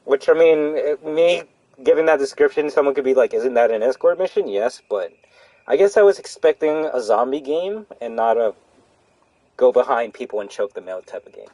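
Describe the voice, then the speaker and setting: A young man streaming a horror game, rambling casually to chat with animated, profane commentary. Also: mid-range voice, moderate pace, dry recording. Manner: rambling, animated, swears freely. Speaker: gaming streamer.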